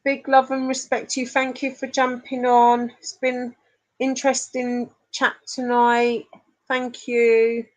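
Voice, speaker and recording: A woman's voice: a little high, completely flat delivery, slow pace, low-quality recording. A middle-aged woman hosts a casual live stream, chatting affectionately with viewers and laughing often. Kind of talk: casual live chat reading comments.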